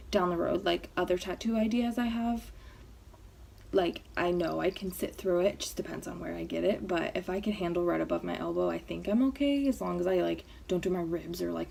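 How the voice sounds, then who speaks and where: A woman's voice: on the low side, vocal fry, a little hiss or hum. A young adult woman telling a storytime vlog, chatty and full of fillers, acting out quotes. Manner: chatty, filler-heavy, animated quoting. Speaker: vlogger. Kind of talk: casual storytime.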